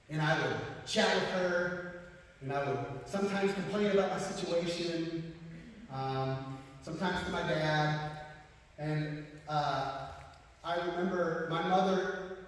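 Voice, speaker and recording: A man giving a live motivational talk, telling stories in a lively way and laughing often. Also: on the high side. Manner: storytelling, animated, laughs often. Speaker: motivational speaker. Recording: echoey hall from far off.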